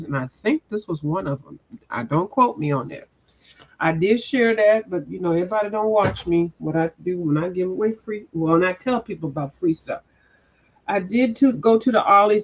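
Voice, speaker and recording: A woman's voice: on the low side, rough recording. A woman hosting a casual livestream, rambling and chatting straight to her viewers. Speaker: coloring channel host.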